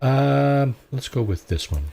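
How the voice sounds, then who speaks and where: A man giving relaxed, casual gameplay commentary, thinking aloud as he plays. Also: medium pitch, measured pace, vocal fry, faint music behind. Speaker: gaming video host.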